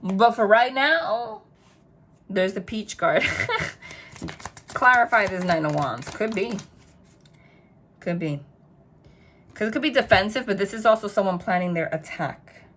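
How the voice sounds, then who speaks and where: A woman reading tarot in a casual vlog, chatty and rambling, telling animated stories full of quoted dialogue. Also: medium pitch, unhurried, slight background noise. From New Jersey. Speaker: tarot reader.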